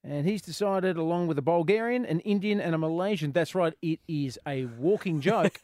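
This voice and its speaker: A male radio co-host riffs through comedy banter and slips into mock voices for the people he jokes about. His voice sits a bit high, and the sound is dry and close. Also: moderate pace, a little mellow, dry recording.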